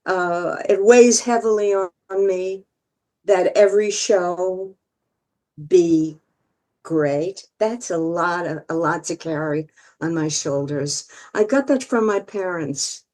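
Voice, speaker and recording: An older woman entertainer telling stories as a guest, lively and theatrical, often laughing. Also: on the low side, slow. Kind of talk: storytelling interview.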